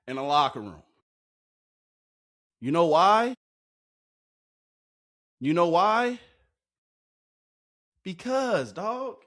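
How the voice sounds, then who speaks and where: A man with a fairly high voice hosts a sports video, commenting on game clips loudly and excitedly into a microphone in slangy, hyped-up language.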